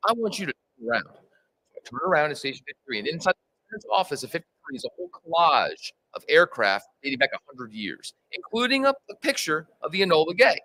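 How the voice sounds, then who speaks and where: Fire instructor, male, tells stories with lots of pitch swing, bright tone. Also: fast talker, rough recording. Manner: animated storyteller, acts out dialogue. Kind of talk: conversational storytelling interview.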